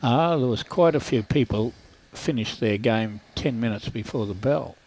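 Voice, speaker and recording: A man's voice: medium pitch, normal speed, darkish tone, poor audio. An older Australian man commentating lawn bowls live, with dry, jokey banter.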